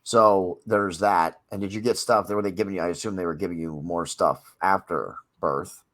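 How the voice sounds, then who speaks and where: A man's voice: low-pitched, fairly even intonation, normal speed, a bit bright. A man hosting a casual podcast interview, asking rambling questions and cracking jokes. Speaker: podcast host.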